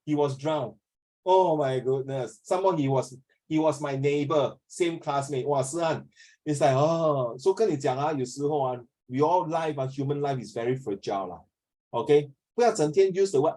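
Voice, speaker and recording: A man's voice: on the high side, animated, normal speed, dark tone, rough recording. A middle-aged man with a Singaporean accent, lecturing students in an online class. He is earnest and preachy, and he slips Mandarin phrases into his English. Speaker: teacher.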